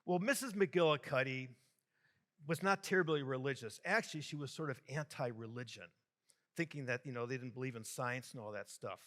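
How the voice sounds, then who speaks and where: A man's voice: mid-range voice, brisk, a bit bright. A man from Michigan, a bishop, preaching a homily to a youth conference in a large hall, telling jokes and addressing the crowd with animation.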